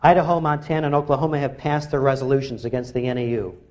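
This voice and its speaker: A man's voice: mid-range voice, steady tone, quick pace, darkish tone. A man, an author giving a public talk, delivering an emphatic, rallying lecture that exhorts his audience.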